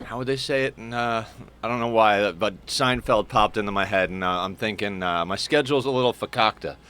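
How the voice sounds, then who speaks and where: A man's voice: medium pitch, fairly bright tone. A man streaming and commenting on a game in a chatty, rambling way, swearing casually and restarting his sentences.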